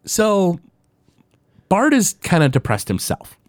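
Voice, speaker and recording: A man's voice: sits high, no echo, studio quality. A man co-hosting a podcast, chatting casually with many fillers and recapping a cartoon episode. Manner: animated, many fillers, jumps into quick character impressions. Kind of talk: casual chat.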